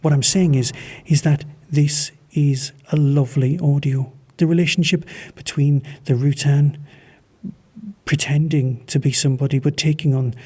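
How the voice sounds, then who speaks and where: Husky, rambling man from Manchester. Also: on the high side, steady tone, moderate pace, a little mellow. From Manchester, England. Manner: rambling, enthusiastic. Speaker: podcast host reviewing audio dramas. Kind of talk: casual spoken review.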